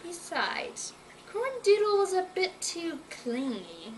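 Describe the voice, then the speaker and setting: A woman's voice: very high-pitched, very animated, slow pace, a little hiss or hum, voice pushed up, full character voice, low-quality recording. A woman voicing a confident, knowing female dog who speaks cool and matter-of-fact with a teasing edge, in a storybook reading. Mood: sly.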